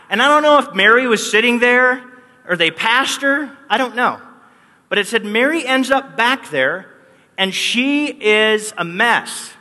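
A pastor preaches a sermon in an extremely high, pushed and bright voice, telling the story with animation and acting out the quoted lines. The recording has a long hall reverb.

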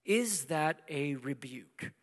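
Man, pastor, sermon, conversational, rhetorical questions, loud-to-hushed swings, long hall echo. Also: a little high, animated, takes it slowly.

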